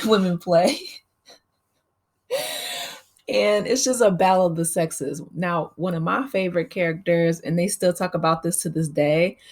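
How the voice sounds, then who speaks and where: Chatty woman host with a lowish voice. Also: darkish tone. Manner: chatty, laughs often, many fillers. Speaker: channel host. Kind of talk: casual movie recap.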